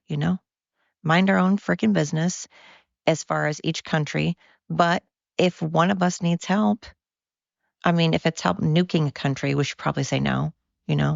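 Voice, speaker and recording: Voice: medium pitch, creaky, no echo. An American podcast host in a casual, profane monologue, tired from overwork and going off on tangents. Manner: rambling, profane, goes off on tangents. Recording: dull lo-fi dry recording.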